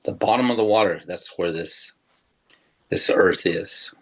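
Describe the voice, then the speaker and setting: An older man voicing the first man adrift on the water, pleading slowly and earnestly for earth. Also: sits low, husky.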